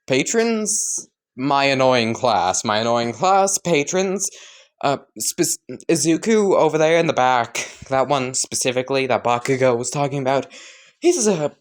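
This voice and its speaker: A man voicing a grumpy, deadpan young male bird student in a fan story. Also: medium pitch, natural voice.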